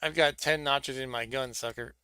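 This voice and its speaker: A man voicing a menacing, cocky male gunslinger assassin with a gravelly voice, reading game dialogue aloud. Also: mid-range voice, fairly even intonation, normal speed, sharp tone, no echo, close to an everyday voice.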